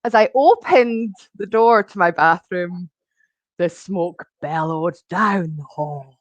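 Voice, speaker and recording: A woman's voice: fairly low pitch, slow, no room sound. A woman chatting casually as a guest, telling a story with lots of animation and laughter, acting out the lines of the people she quotes. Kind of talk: casual chat.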